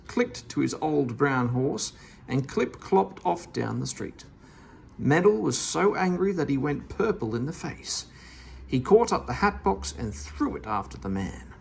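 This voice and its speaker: A reader narrating a classic children's story aloud in an expressive storybook style. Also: mid-range voice, unhurried, vocal fry, slight background noise. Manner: expressive, animated.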